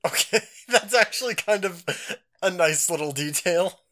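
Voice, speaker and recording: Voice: medium pitch, lively intonation, normal speed, bright, forceful tone. A podcast co-host in casual chat who stammers and laughs a lot.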